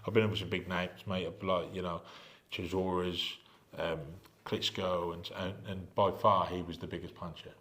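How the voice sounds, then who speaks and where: A middle-aged man, a retired boxer from England, telling animated stories as a podcast guest and acting out the voices of the people in them. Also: deep voice, normal speed, echoey room. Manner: animated anecdotes, acts out quoted voices. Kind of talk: casual storytelling chat.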